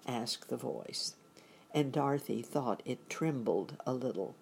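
A woman reads a storybook aloud in a low, husky voice. She takes her time, and her pitch swings widely across each phrase. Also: animated, measured pace, darkish tone. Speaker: narrator. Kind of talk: audiobook narration.

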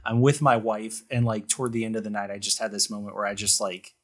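A man's voice: on the low side, little pitch movement, quick pace, fairly bright tone. A man talking as a guest on a podcast in a loose, rambling way, full of fillers and restarts. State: choked up. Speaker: guest artist. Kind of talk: casual podcast chat.

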